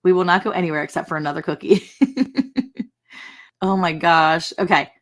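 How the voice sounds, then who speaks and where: Casual livestream host: chatty woman, slightly low voice, quick laughs, greets her viewers by name. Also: steady tone.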